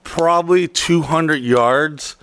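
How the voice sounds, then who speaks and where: A man's voice: a little high, slow, a bit bright, clear, resonant tone, dry recording. A man co-hosting a casual chat, telling travel stories with lots of swearing and jokes. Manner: profane, joking storyteller. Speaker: podcast co-host.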